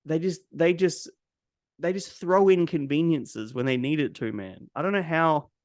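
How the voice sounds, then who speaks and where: A man's voice: fairly high pitch, normal speed, no echo, studio quality. A man hosting a casual movie podcast, blunt and cynical, swearing freely as he picks films apart. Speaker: podcast host. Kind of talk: casual movie review chat.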